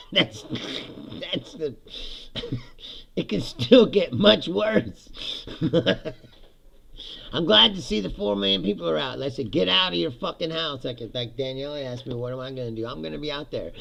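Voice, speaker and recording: A man's voice: fairly high pitch, a little slow, gravelly, long pauses. A man hosting his own podcast, ranting casually about politics, swearing freely and laughing often between lines. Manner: profane, laughs often, animated. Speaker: podcast host. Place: home basement studio.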